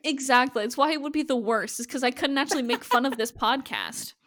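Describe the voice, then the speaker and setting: A woman's voice: high voice, brisk, a bit bright. A woman co-hosting a casual podcast, sarcastic and swearing freely as she riffs. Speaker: podcast co-host. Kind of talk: casual chat.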